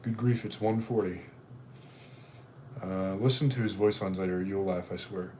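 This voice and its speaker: A man's voice: low-pitched, fairly even intonation, moderate pace, dark tone, a little hiss or hum. Chatty man hosting a livestream. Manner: rambling, chatty. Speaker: livestream host. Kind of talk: casual live-stream chat.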